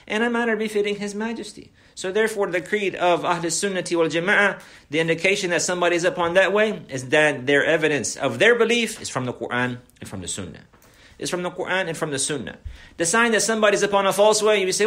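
A man's voice: sits high, a little fast. A man giving a religious lesson, acting out questions and answers and mixing Arabic phrases into his English. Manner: animated, rhetorical questions, acts out dialogues. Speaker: Islamic preacher.

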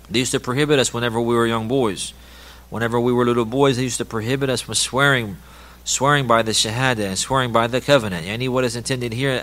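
Guy teaching a religious text, reads the arabic then goes over it in english, repeats himself a lot, average pitch. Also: fairly bright tone. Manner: reads passages in Arabic, then translates and explains with many repetitions.

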